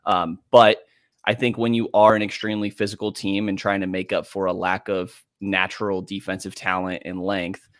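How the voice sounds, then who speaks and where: Low-voiced man, dry studio sound. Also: little pitch movement, no room sound. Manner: measured, casual, analytical. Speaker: podcast host guest. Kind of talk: sports radio discussion.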